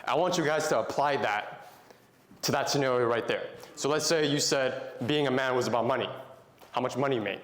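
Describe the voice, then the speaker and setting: A man's voice: mid-range voice, a little fast. A young adult man giving a Christian talk to young men, telling stories in a conversational way and putting questions to the audience. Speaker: motivational Christian speaker. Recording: echoey room.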